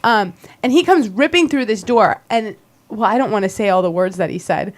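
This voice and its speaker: A woman's voice: medium pitch, lively intonation, brisk. A woman co-hosting a talk show, telling a heated story and acting out both sides of an argument. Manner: retells an argument, voicing both sides with raised intensity. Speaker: co-host.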